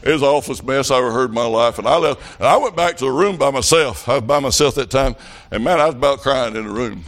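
A middle-aged man preaching a revival sermon, telling folksy stories in a plain country way and rising to loud shouted passages. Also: medium pitch, quick pace.

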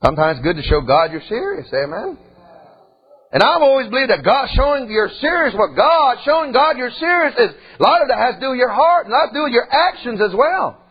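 A man preaching in a high, lively voice that climbs and dips all over. His talk is folksy and animated, peppered with asides to the congregation. The tone is slightly husky, and the recording sounds dull and lo-fi. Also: a little fast. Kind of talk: sermon.

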